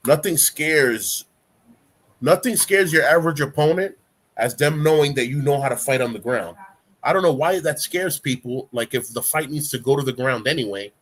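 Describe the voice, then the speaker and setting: A man's voice: a little high, moderate pace. A man hosting a casual live-stream talk show, talking loosely in an instructive, coaching way and leaning on "you know" a lot. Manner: relaxed, rambling, heavy use of "you know". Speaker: livestream talk show host.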